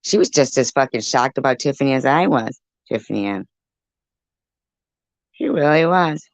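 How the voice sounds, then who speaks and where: A woman's voice: rumbling low, animated, moderate pace, no echo. A woman livestreaming a heated, profane rant, snapping back at people in her chat. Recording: dull lo-fi stream audio.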